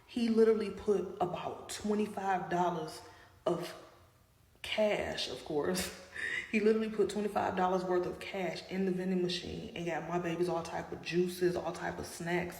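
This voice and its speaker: A woman's voice: fairly low pitch, steady tone, normal speed, vocal fry, darkish tone. A woman telling a personal story in a casual, dramatic way, often calling out to her viewers. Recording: roomy with long reverb and faint noise.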